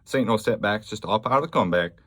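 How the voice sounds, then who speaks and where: A man's voice: medium pitch, racing, a bit bright, pitched above the performer's own voice, close to an everyday voice. A man putting on a drawling mixed accent for a laid-back, easygoing guy, in a mocking, exaggerated way.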